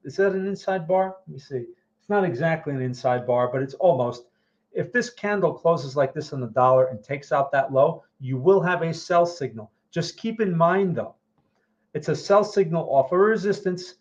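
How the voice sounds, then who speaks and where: A man with a fairly high yet darkish voice hosts a live market analysis, walking viewers through charts loosely and conversationally. He keeps checking in with "right?" and "okay?" and repeats and restarts phrases as he thinks aloud. The sound is dull and lo-fi.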